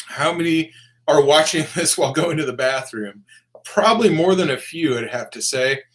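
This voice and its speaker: A young man doing a laid-back live stream, reading out donations and comments. He swears freely, calls everyone dude, and breaks into excited bursts. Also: fairly high pitch. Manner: bursts of excitement and quick laughs. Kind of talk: casual live-stream chat.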